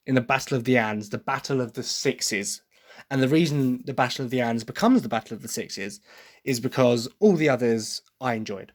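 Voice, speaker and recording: A man's voice: mid-range voice, fairly quick. A young man hosting a solo podcast, talking through his opinions in an enthusiastic, rambling way. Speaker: podcast host.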